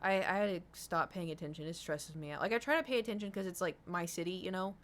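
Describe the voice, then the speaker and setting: A woman's voice: fairly low pitch, fast talker. Rambling young woman streamer. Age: young adult. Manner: rambling, animated, swears casually. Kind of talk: casual chat with stream chat.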